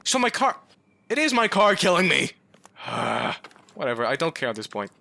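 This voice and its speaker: A man's voice: on the high side, big pitch swings, normal speed, creaky, bright, forceful tone, no echo. A man giving comic let's-play commentary, pleading with his car and joking, breaking into yelps and swearing. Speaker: gaming YouTuber.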